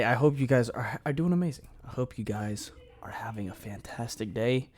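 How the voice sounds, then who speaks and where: A man hosting a reaction channel, chatting casually, swearing often and thinking out loud. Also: mid-range voice, fairly quick. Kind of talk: casual video reaction commentary.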